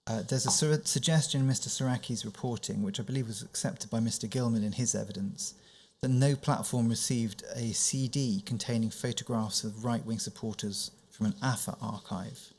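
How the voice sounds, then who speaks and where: Measured male counsel questioning a witness. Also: mid-range voice, darkish tone. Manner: measured, precise, cites document references. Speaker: inquiry counsel. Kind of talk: formal questioning.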